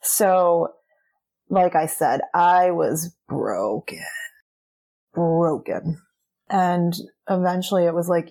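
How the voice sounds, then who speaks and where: A woman's voice: on the low side, slow, long pauses, mellow. A young adult woman telling her personal story as a guest in an interview, earnest and chatty, often saying "like".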